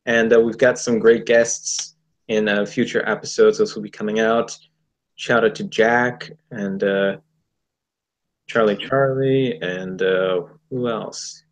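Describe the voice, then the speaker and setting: A man hosting a casual livestream, upbeat and pausing with "um"s as he reads out names. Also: on the low side, steady tone. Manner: upbeat, with many "um"s while listing names. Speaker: livestream host. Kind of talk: casual livestream chat, shout-outs.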